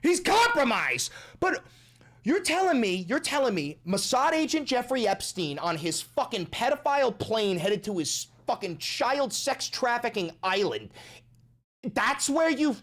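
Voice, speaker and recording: A man giving casual, profane political commentary, swinging from sarcastic muttering to excited outbursts. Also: extremely high pitch, measured pace.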